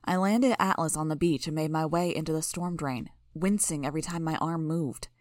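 A woman with a lowish voice reads a novel aloud in the first person. Her telling is steady and even, recorded close and dry with no room sound. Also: normal speed, dry recording. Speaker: audiobook narrator.

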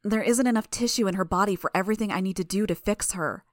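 A woman's voice: mid-range voice, fast talker, no room sound, natural voice. A woman voicing a tense, desperate young female healer in a fan audiobook, speaking in clipped, strained bursts.

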